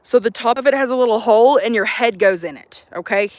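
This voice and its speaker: A young woman vlogging to her phone outdoors at a campsite, chatting in an animated, profane, jokey way. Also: on the high side, fast talker, dry recording. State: out of breath. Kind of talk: casual chat to camera.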